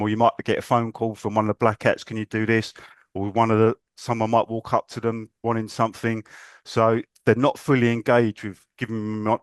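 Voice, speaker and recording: A man's voice: on the low side, no echo, studio quality. A man hosting a podcast, chatty and agreeable, often saying "yeah". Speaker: podcast host, crane operator. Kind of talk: casual podcast chat.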